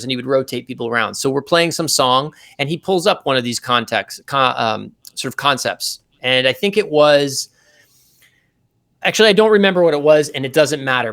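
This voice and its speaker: Male interview guest, mid-pitched, animated anecdotal storyteller, patient explainer. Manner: explains technical ideas step by step. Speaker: guest saxophonist.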